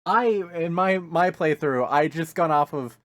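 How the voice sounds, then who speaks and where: A man's voice: a little high, normal speed, fairly bright tone. Rambling, swearing male podcast co-host. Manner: rambling, restarts often, swears freely. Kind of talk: casual chat.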